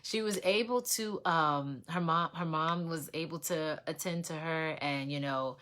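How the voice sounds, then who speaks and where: Low, bright-toned woman host; heartfelt casual testimony to viewers, repeats lines for emphasis. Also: unhurried. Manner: emotional, repeats herself, speaks directly to viewers. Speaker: host of an online prayer livestream. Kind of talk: casual testimony to a live audience.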